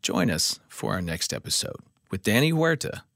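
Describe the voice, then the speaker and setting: A man's voice: lowish voice, big pitch swings, moderate pace, gravelly, very noisy. A man hosting a podcast, reading announcements and sponsor thanks in a friendly promotional way. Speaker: podcast host. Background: music.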